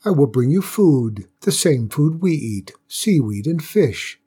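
Man doing a desperate mother dragon for a storybook, voice pushed up high, husky edge. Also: sing-song, takes it slowly, mellow, full character voice. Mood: insistent. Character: anxious mother dragon, fierce but grieving.

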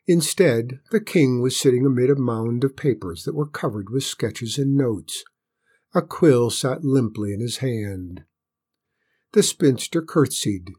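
Husky-voiced male storyteller. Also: mid-range voice, lively intonation, unhurried, darkish tone. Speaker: narrator. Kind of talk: storybook narration.

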